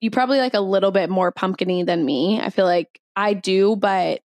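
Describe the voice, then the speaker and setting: A young woman co-hosting a laid-back podcast, rambling chattily with plenty of fillers and little laughs. Her voice sits at an ordinary middle pitch. The sound is dry and close, with no room around it. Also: brisk, darkish tone, no room sound. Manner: chatty, giggly, lots of filler words. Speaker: podcast co-host. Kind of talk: casual chat.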